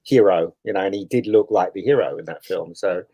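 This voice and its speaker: A man in casual conversation, relaxed and rambling, laughing often. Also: low voice, a little fast, slightly rough, no room sound. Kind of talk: casual chat.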